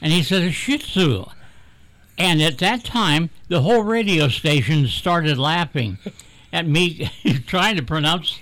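A man's voice: a little high, animated, a little slow, a bit bright. An older man, a radio regular, chatting casually and telling folksy, teasing stories.

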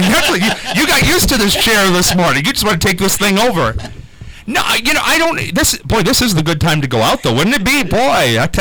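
A man hosting a local morning radio show in a studio, chatting casually with co-hosts and callers, animated and self-deprecating with many restarts. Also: high-pitched, low-quality recording. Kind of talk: casual on-air banter and call-in. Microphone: studio microphone.

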